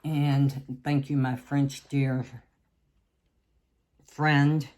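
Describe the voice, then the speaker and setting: A woman from the South, giving a tarot reading in a slow, halting way with many restarts. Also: very deep voice, little pitch movement, darkish tone. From Southern United States. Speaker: tarot reader.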